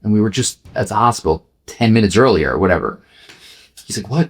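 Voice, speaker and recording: A low, husky man in his forties tells a personal story on a podcast. He speaks frankly, swears without hesitation, and slips into quoted dialogue to play out what others said. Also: animated, brisk. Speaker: podcast guest. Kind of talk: candid storytelling.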